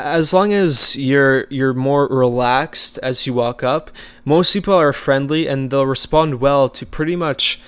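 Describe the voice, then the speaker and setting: A man coaching viewers in a casual, conversational way, relaxed and easygoing, with frequent fillers. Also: mid-range voice, clear, resonant tone. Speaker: social skills coach. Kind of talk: casual instructional talk.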